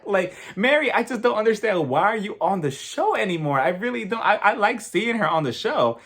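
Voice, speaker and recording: Animated man gossiping through a recap. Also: sits high. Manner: animated, gossipy, acts out quotes. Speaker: reality TV reviewer. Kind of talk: casual episode recap.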